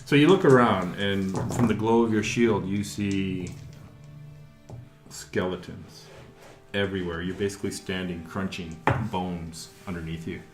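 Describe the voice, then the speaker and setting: A low-voiced man narrates a tabletop game as its game master. He talks in an easygoing, chuckling way, filling pauses with little fillers. The room sounds roomy, with faint music underneath.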